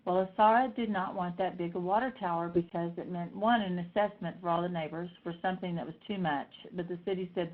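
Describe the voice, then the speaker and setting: A middle-aged woman telling personal stories in a lively way, acting out the voices of the people she quotes. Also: fairly low pitch, fast talker, few pauses. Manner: animated, acts out voices in quotes. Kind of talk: personal storytelling talk. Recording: tinny phone-like sound.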